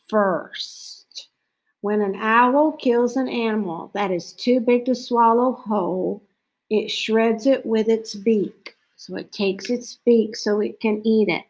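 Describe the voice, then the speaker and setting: A woman reading a picture book about owls aloud as a lesson, slow and clear, now and then mimicking owl calls. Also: on the high side, low-quality recording. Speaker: teacher reading to children.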